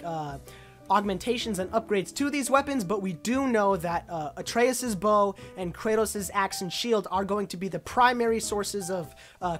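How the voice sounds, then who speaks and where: A woman breaks down a game trailer in loose, chatty commentary. She sounds keen and a bit scattered, sprinkling fillers through her sentences. Her voice sits at an ordinary middle pitch with soft music faintly underneath. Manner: excited, rambling, many "uh" and "like" fillers. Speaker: video game trailer analyst. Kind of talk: casual commentary over a trailer.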